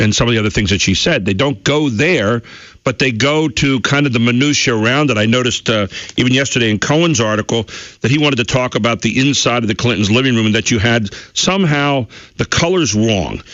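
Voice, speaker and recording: A man hosting a radio talk show, reading press quotes aloud and asking questions with many halting fillers. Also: medium pitch, a bit bright, dry recording. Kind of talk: radio interview. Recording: dull dry radio audio.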